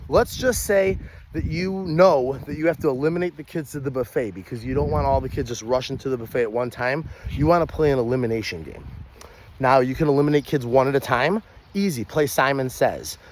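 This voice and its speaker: This young man is a party entertainer walking through kids' party games in a lively, instructional way, and he lets out loud, high-pitched shouts whenever he acts out the calls. He talks fairly quickly, and there's a bit of background noise.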